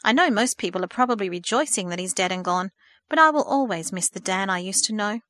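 A woman doing a gushing, warm-hearted aunt. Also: medium pitch, lively intonation, fast, no room sound, studio quality, lightly acted. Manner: gushing, enthusiastic. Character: older aunt, warm and effusive.

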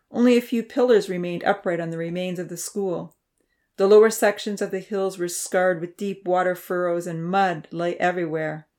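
Woman narrator, lowish voice, steady storybook reading, measured. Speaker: audiobook narrator.

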